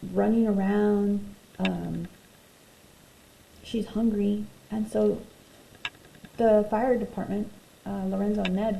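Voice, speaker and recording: A woman teacher talks young pupils through a picture book in an expressive way. Her voice is gravelly and mellow. It is heard in a roomy space with faint background noise. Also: mid-range voice. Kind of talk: reading a picture book aloud to children. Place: home room, virtual class recording.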